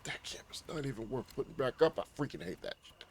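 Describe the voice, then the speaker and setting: A man's voice: mid-range voice, sing-song, fast, slightly rough. A man giving casual, laid-back advice while playing a game, swearing now and then and trash-talking what he fights. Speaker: gaming guide creator.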